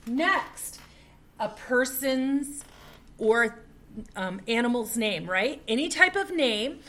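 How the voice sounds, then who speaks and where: A woman's voice: on the high side, animated, slow pace, fairly bright tone. A woman teaching a first grade writing lesson to young children. She talks patiently and repeats key points.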